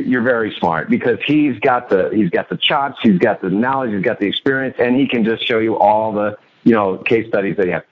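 A man's voice: medium pitch, highs cut off. A man telling a story on an interview show and acting out his own lines, a coach and author as guest.

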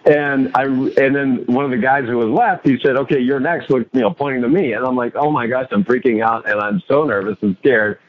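A man's voice: mid-range voice, brisk, hardly any pauses, narrow, tinny audio. A man telling a story on an interview show and acting out his own lines, a coach and author as guest.

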